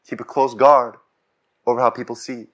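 A man's voice: medium pitch, level tone, fairly quick, fairly bright tone. A man preaching a sermon as pastor, talking conversationally and rising to fervent declarations.

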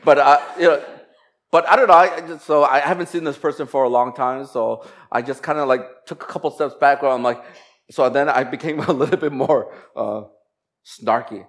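A man preaching as a pastor, moving from slow, emphatic scripture reading into a chatty, laughing personal story. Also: mid-range voice. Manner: conversational, animated storytelling with laughs and quoted voices.

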